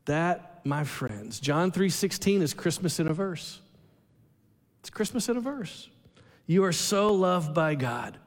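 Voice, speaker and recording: A man preaching in a high, unhurried voice, drawing out his words and pausing for weight. He turns often to the congregation with questions and lets his feelings show. The sound rings with the long reverb of a big church sanctuary. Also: animated. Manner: emotive preaching, slows for emphasis, asks the congregation questions. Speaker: pastor. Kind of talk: sermon.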